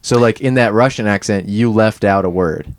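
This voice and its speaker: Low smooth-voiced man, halting chat. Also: dry recording. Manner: halting, thinks aloud with many fillers. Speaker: podcast co-host. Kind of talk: casual comedic chat.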